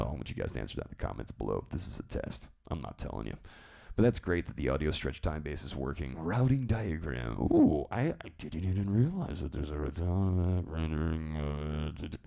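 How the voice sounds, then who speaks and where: A man hosting a live stream, chatting casually and telling rambling, animated stories. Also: a bass voice, moderate pace, gravelly. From southern United States. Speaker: live-stream show host.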